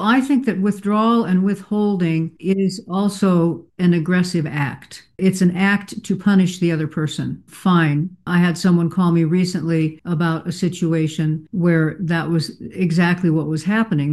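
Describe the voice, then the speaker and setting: A woman's voice: on the low side, dark tone. A woman guest answering interview questions in an earnest, explanatory way, sometimes stopping to search for the right word. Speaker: guest expert.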